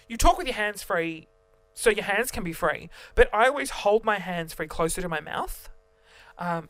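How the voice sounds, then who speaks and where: A young man, a vlogger, tells a story to camera in an animated, self-mocking way, his voice swinging between loud and quiet. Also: sits high, smooth, no room sound.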